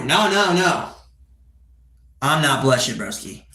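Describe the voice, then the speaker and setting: A man's voice: a little high, sing-song, slow, pauses often, bright, forceful tone, reverberant. A twenty-year-old man chatting casually on a live stream, rambling with crude joking asides and tagging "right?" onto his sentences. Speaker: livestreamer.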